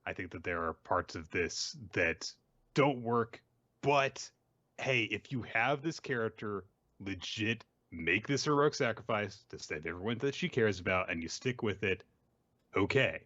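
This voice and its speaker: Low-voiced man, dull lo-fi sound. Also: animated, measured pace, sharp tone. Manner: thoughtful, rambling with fillers. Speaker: podcast co-host. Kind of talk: casual critical chat.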